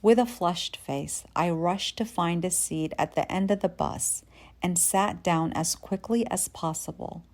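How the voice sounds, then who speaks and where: A woman from Yemen in her forties telling a personal story in a measured, reflective way. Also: on the low side, darkish tone. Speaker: podcast host.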